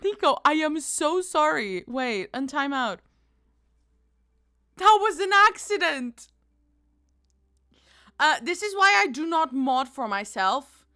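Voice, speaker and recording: A woman game streamer chatting casually with her viewers, bubbly and quick to laugh, calling people darling. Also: sits high, very animated, no room sound, clean studio sound. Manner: bubbly, bursts into loud panicked squeals and laughter. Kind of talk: casual live-stream chat.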